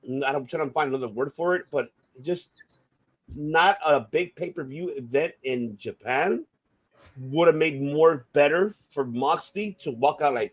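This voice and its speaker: Man ranting heatedly, slightly high voice. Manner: heated, profane ranting with quick swings in loudness. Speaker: podcast co-host. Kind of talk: casual wrestling debate.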